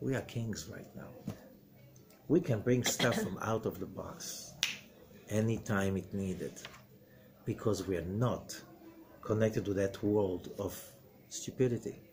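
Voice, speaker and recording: A middle-aged man, a rabbi giving a spoken lesson, animated, with rhetorical questions and sudden swings between loud emphatic bursts and low quiet passages. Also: slow, pauses often, background noise. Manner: rhetorical questions and acted-out quotes. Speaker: rabbi and Zohar teacher.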